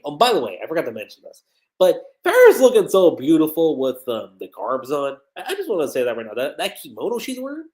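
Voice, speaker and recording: A man's voice: a little high, wildly swooping pitch, fairly quick, a little mellow, low-quality recording. A man giving a casual livestream review of an anime episode, retelling scenes and quoting the characters.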